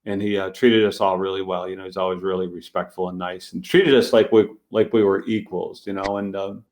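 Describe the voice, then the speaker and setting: A man's voice: deep voice, brisk. A man, a street magician, telling a story in a casual interview, acting out the other people's lines as he goes. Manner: animated storyteller acting out dialogue.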